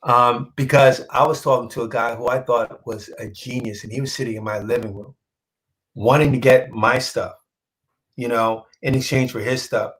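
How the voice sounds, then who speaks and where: A man's voice: medium pitch, normal speed, rough recording. Guy telling a heartfelt story in an interview, acts out the other voices, stumbles and repeats when it gets emotional. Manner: animated, acts out quoted dialogue. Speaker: comic book artist guest.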